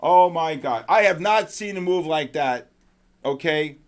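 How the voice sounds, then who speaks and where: Excitable male trading stream host. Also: a little high, a little slow. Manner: excitable, chatty, shouts out to viewers. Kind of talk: live trading stream commentary.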